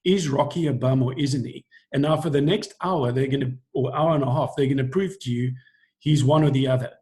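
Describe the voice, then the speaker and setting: A man's voice: medium pitch, fairly quick, a little mellow. A middle-aged man coaching preachers on a video call, explaining earnestly and acting out lines he quotes.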